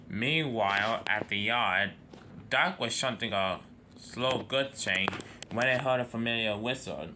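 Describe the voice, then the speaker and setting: Young male narrator, low voice, halting delivery, noisy home recording. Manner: halting, with slips and fillers. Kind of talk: amateur toy-train story narration.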